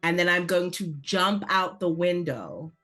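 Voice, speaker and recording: A woman's voice: on the low side, unhurried, pushed and bright, soft background music. A woman playing in a tabletop game, talking casually and decisively as she plans her moves. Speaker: player.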